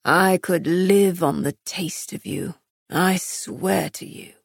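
A woman reading an audiobook and voicing a tender, teasing male lover in a low, hushed, gruff tone. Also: animated, slow, dry recording, studio quality, full character voice. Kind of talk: audiobook narration.

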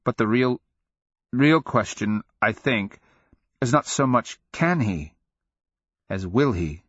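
Young princess, perceptive and measured, speaks with careful halts, put on by a male narrator; husky, lo-fi. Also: mid-range voice, lively intonation, a bit bright, no echo, pitched above the performer's own voice, heavily acted. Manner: measured, thoughtful, faltering restarts. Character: calm, perceptive young princess, teenage girl.

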